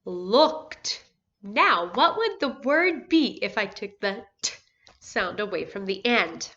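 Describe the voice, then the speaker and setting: A first grade teacher walks children through word endings, sounding out each letter with care. Her voice is bright and forceful, and she takes her time. The recording sounds a little muffled. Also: mid-range voice, animated. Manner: slow, clear, encouraging, sounding out letters. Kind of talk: phonics lesson for young children.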